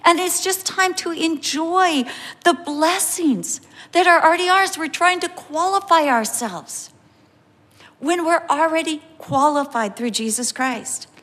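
A middle-aged woman preaching a sermon, telling a personal story with lively acted-out quotes. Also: very high voice, unhurried. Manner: animated storytelling, acting out quotes. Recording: reverberant hall.

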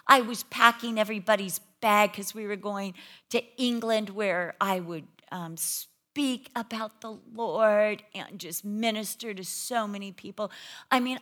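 A middle-aged woman, a pastor's wife, preaching a sermon and telling a personal story with animated energy. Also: medium pitch. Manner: animated storytelling, acts out her own panicked voice.

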